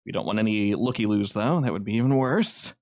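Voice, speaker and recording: A man's voice: on the low side, lively intonation, brisk, a little mellow. A man narrating as game master, casual and loose, with lots of fillers.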